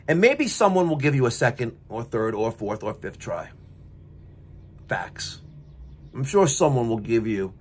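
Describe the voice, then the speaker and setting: A man ranting angrily to his viewers. He swears a lot and swings between shouting and muttering. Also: mid-range voice, slightly rough. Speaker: plumbing business owner and show host. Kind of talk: ranting monologue to camera.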